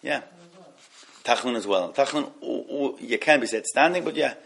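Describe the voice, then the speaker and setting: A man's voice: medium pitch, moderate pace, gravelly, noisy background. A man teaching an evening class on law, who chants Hebrew text and explains it in with hesitant restarts.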